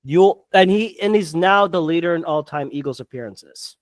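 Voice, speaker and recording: A podcast co-host delivering a heated sports rant, swearing and tripping over restarts while talking fast. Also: medium pitch, no room sound.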